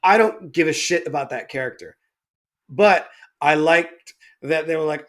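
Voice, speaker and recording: Guy with a higher voice cracking jokes and cussing in a chill movie podcast. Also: unhurried, a bit bright. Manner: joking and profane, teasing the others. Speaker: podcast co-host. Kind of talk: casual movie review chat.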